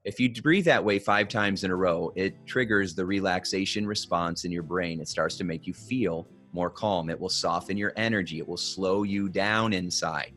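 A man's voice: deep voice, moderate pace, few pauses, fairly bright tone, soft background music. A man giving practical advice in a conversational podcast, coaching the listener and checking in with "okay?" and "right?" as he goes. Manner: coaching, instructive, asks "okay?" and "right?" often. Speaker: guest expert on body language.

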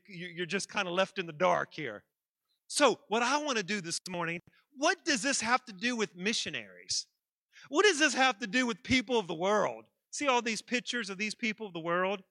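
A man preaching a sermon in a church, calling out to the congregation and building to loud, emphatic peaks. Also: high-pitched, dry recording.

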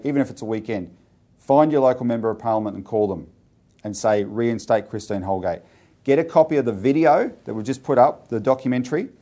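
A man's voice: mid-range voice, dark tone. An Australian man co-hosting a political talk show, urging viewers directly and speaking with emphasis. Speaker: co-host.

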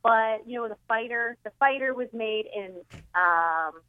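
A woman's voice: on the high side, a little slow, dry recording. A woman from the area, a comedian calling in as a guest, wisecracking and laughing at her own jokes. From Boston area, Massachusetts. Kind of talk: casual comedy chat. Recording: tinny phone line.

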